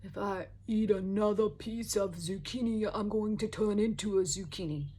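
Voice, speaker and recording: A woman's voice: mid-range voice, normal speed, dark tone, breathy edge, lightly acted. A woman putting on a New York accent to mimic her exasperated husband, who is fed up with zucchini. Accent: New York, put on.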